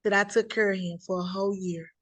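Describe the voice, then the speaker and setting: A middle-aged woman telling her life story in an interview, emphatic and animated, acting out the voices of the people she quotes. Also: mid-range voice, quick pace, no echo. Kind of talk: conversational interview.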